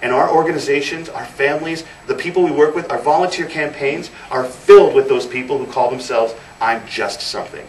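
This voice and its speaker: Speaking fairly high and a little fast, this thirties-aged man barely pauses, his tone leaning dark. He's a guest speaker giving a motivational speech in an event hall, telling stories and hammering points through repetition. Faint noise and a roomy, far-off mic color the recording.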